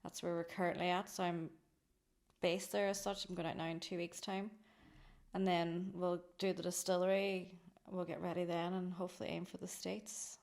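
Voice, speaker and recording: A woman's voice: on the low side, level tone, moderate pace, creaky, darkish tone. An Irish woman in her thirties, a company founder chatting effusively as a podcast guest and laughing often. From Ireland. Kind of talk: casual podcast interview.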